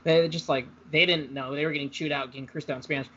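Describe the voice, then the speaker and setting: A man chatting casually, rambling through a story and often laughing, with a slightly high voice. The recording is dull and lo-fi. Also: steady tone, fast, sharp tone, a little hiss or hum. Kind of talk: casual chat. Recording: dull lo-fi sound.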